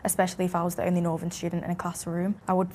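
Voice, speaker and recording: A young woman with a Manchester accent talks quickly and candidly. Her voice is low-pitched and fairly level, with faint ambient noise around her. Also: monotone, dark tone. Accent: Mancunian. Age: young adult. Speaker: interviewee.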